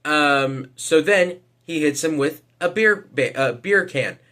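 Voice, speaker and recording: A man with a slightly high voice talks through his opinion in a loose, casual vlog. He hesitates constantly, fills pauses with "um," and swears offhandedly. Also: expressive, pushed and bright. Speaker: vlogger.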